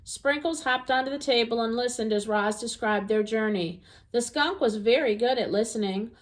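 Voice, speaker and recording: A woman narrating a children's storybook aloud in an expressive, gentle reading voice. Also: fairly high pitch, normal speed.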